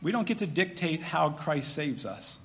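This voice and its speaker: Male pastor, high voice, animated sermon delivery, long church-hall reverb. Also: normal speed. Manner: animated, swings from loud emphatic to quiet and soft.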